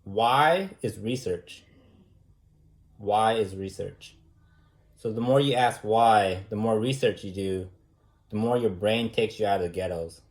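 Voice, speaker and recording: A man's voice: mid-range voice, darkish tone. A man teaching a debate class in an informal, talky way, firing off repeated rhetorical questions and using casual fillers.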